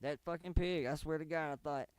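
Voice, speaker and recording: A man's voice: steady tone, a little fast, clear, resonant tone, dry recording, studio quality. Swearing man telling loose stories. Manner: loud, swearing storyteller who jumps into high mocking voices. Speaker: stream co-host. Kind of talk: casual profane chat.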